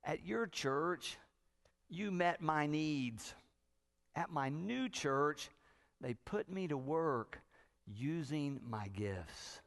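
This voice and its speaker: A pastor voicing a woman from a congregation who calmly and softly explains her choice. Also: on the high side, extremely slow, creaky, big-room sound, full character voice. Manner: soft, calm explaining. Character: quiet, plain-spoken woman church member.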